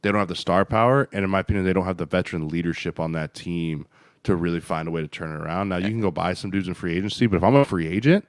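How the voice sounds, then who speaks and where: A man's voice: low voice, very fast, no room sound. A man co-hosting a podcast, a former offensive lineman talking football in blunt, profane, emphatic casual chat.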